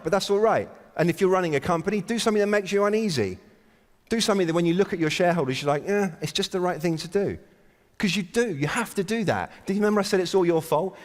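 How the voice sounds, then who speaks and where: A middle-aged man giving a blunt, provocative and self-mocking opening keynote to a conference audience. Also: fairly high pitch. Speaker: conference speaker. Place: large conference hall. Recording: long hall reverb.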